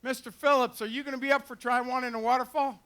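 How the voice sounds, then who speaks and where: A man's voice: extremely high pitch, flat delivery, fast talker, fairly bright tone, clean tone. A man giving joking, folksy commentary as he demonstrates retriever dogs outdoors on a fairground mic. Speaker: dog trainer and show host. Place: outdoor fair pond with dock. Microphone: handheld or headset mic.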